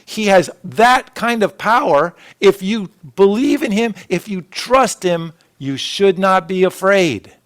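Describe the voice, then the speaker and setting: A male pastor delivers an earnest sermon in a church sanctuary. His voice sits somewhat high and he takes his time, swelling on some phrases and dropping others to a near hush. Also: expressive, takes it slowly, few pauses. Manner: earnest, rising and falling preaching with soft dropped phrases.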